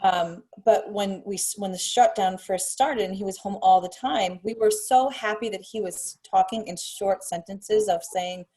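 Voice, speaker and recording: A woman's voice: mid-range voice, normal speed, few pauses, dark tone. A mother chatting casually on a video call, telling anecdotes about her son. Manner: chatty anecdotal, acts out her child's words. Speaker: parent. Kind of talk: casual chat.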